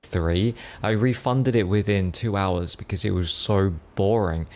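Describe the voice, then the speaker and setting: Lower-voiced man, dismissive game reviewer. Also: measured pace, a little mellow. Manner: dismissive, complaining. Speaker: game reviewer in a played clip. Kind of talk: spoken video review.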